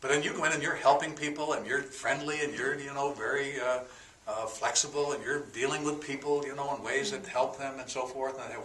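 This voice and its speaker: A man's voice: mid-range voice, fairly even intonation, a little fast, fairly bright tone, recorded from a distance, a little hiss or hum. A man teaching a sermon, explaining words one by one in a folksy way with fillers and a joke. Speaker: pastor. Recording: echoey room, voice from off the mic.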